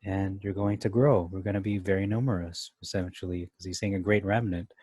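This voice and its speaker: A man's voice: deep voice, fairly even intonation, fairly quick, darkish tone, breathy edge, dry recording. A man teaching through a Bible chapter, thinking aloud as he reads and explains verses, comparing translations. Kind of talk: casual Bible study commentary.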